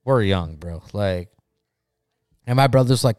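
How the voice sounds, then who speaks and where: A man's voice: mid-range voice, moderate pace, no echo. Young guy on a podcast telling a crazy story, cusses constantly, does everyone's lines, dead dry mic. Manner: profane, animated, acts out quotes. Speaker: podcast co-host. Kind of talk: casual storytelling chat.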